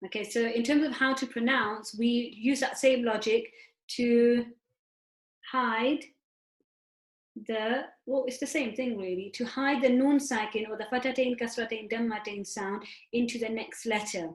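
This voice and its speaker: A woman teacher with a slightly high voice walks her students through each rule step by step, posing questions and answering them herself. Her patient lesson rings out in an echoey room. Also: steady tone, measured pace. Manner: patient, step-by-step explaining with self-posed questions. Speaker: Quran recitation teacher. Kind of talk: tajweed lesson.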